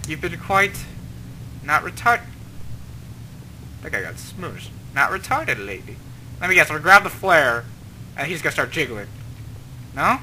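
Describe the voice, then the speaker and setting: A man's voice: a little high, sing-song, moderate pace, long pauses, sharp tone, slight background noise, rough recording. A young man casually commenting on his gameplay, joking and rambling and talking to the characters on screen. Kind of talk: casual let's-play commentary. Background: game music and gunfire.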